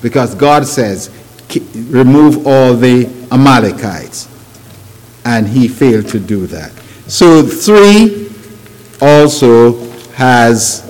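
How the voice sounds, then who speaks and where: A man delivers a sermon at an unhurried pace with a lively, swooping pitch that sits somewhat high for a man. He pushes his points with rhetorical questions and grammar. His voice rings with the long echo of a large hall. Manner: non-native grammar, emphatic rising phrases and rhetorical questions. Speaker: preacher.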